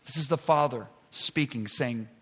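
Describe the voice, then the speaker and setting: A man preaching a sermon, emphatic, moving between loud shouted points and soft, close asides. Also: medium pitch, measured pace, husky. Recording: preached in a large reverberant hall.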